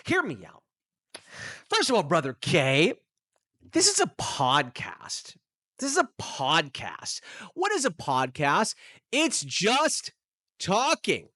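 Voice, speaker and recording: A man hosting his own podcast, talking straight to the listener in an animated, emphatic way. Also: on the high side, no room sound, clean studio sound. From United States. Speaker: podcast host and English teacher. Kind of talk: casual solo podcast monologue. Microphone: studio microphone.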